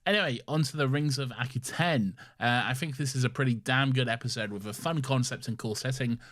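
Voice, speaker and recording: A man's voice: mid-range voice, a little fast, fairly bright tone. A man co-hosting a casual podcast, talking enthusiastically but hedging and restarting as he goes. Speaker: podcast co-host. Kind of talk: casual chat.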